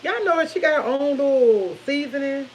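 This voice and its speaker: A woman's voice: high-pitched, expressive, normal speed, a little mellow, a little hiss or hum, rough recording. Rambling woman chatting to her viewers. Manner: chatty, rambling, repeats herself. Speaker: livestream host. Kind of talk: casual chat to viewers.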